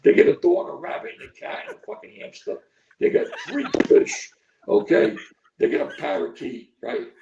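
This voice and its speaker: A man's voice: very high-pitched, huge pitch swings, normal speed, creaky, background noise. An older man, a football coach, talking bluntly in a podcast interview, profane and repetitive, checking in with "okay?" and "right?". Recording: echoey distant lo-fi stream audio.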